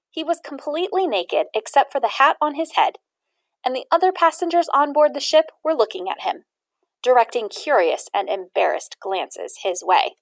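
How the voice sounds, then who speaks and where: A woman reads a children's storybook aloud, with an expressive, animated delivery. Her voice sits fairly high and swings widely in pitch. The recording is dry and close. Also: creaky, dry recording. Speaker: audiobook reader.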